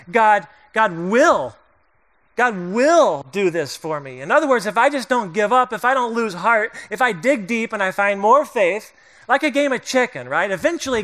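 A middle-aged male pastor preaches a sermon in a loose, conversational way, joking with the congregation and acting out the voices of the people in the story. His voice sits high and sounds bright and forward.

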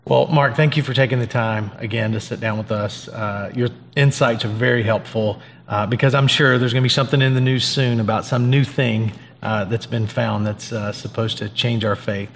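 A man hosting an interview, speaking in a friendly, halting way with many fillers. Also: mid-range voice, fairly even intonation, long reverb tail, a little hiss or hum. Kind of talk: conversational interview.

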